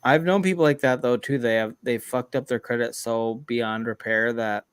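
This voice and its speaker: Man thinking out loud on a podcast. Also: mid-range voice, fairly even intonation, moderate pace, smooth, no room sound. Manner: reasoning things out, playing devil's advocate. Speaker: podcast co-host. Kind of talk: casual conversation.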